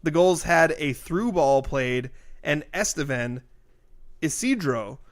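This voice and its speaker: A man's voice: on the high side, lively intonation, takes it slowly. A man co-hosting a casual local sports podcast, reading youth soccer results with jokes along the way. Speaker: podcast co-host.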